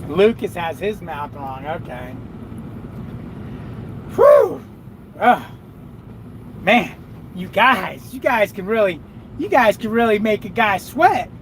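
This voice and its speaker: A man's voice: sits high, animated, unhurried, a bit bright, slight background noise, low-quality recording. A man who drives trucks, chatting and cursing freely with viewers on a live stream from his cab. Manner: profane, rambling, talks to viewers and his dog. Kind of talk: casual live chat.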